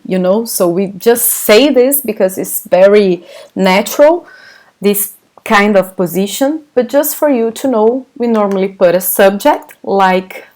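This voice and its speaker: Brazilian woman, Portuguese teacher, Brazilian accent, unhurried patient explanations, mid-pitched voice. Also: a little mellow. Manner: patient, explains step by step, reads chat questions. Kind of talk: live online language class.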